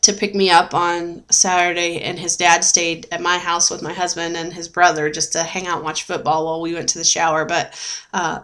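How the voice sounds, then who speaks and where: A woman's voice: on the low side, flat delivery, normal speed, a bit bright. A young adult woman talking in a casual video diary, chatty and rambling with lots of fillers, often laughing and getting emotional. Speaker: vlogger sharing a weight-loss journey.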